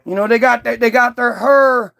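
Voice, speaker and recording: A man's voice: very high voice, moderate pace, vocal fry, bright, forceful tone, exaggerated voice. A man voicing a swaggering young man in a mocking, exaggerated slang voice.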